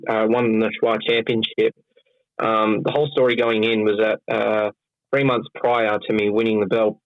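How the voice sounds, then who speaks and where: A man with an Australian accent, a pro wrestler, telling stories in a loose, animated way and swearing freely. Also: fairly low pitch, no room sound. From Western Australia. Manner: animated, acts out quoted voices, swears freely. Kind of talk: casual storytelling. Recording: dull lo-fi sound.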